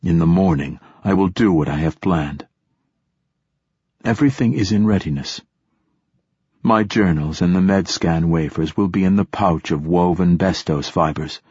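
Male audiobook narrator: low, husky, dry and close, solemn and measured, slightly muffled sound. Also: a little mellow, dry recording. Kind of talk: scripted first-person narration. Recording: dull, muffled recording.

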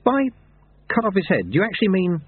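A man's voice: high voice, wildly swooping pitch, quick pace, breathy edge, dry recording, voice pushed up, exaggerated voice. A man voicing a young, earnest male monk apprentice who sounds incredulous and fussy, over tinny narrowband audio.

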